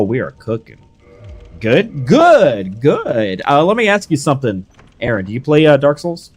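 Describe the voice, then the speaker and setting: Young man, game streamer, hyped, slightly high voice, chatty with viewers. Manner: excitable, hyped shouts while fighting. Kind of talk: live gameplay commentary chatting with viewers.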